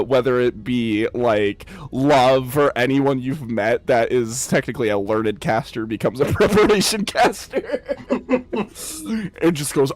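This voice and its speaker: A man narrating as game master of a tabletop game, rambling with frequent ums and laughter. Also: mid-range voice.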